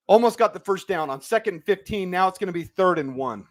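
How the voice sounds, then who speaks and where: A man with a high, lively voice talks fast with few pauses while hosting a live watch party. Agitated, he rants through the game play by play and yells at the referees when angered.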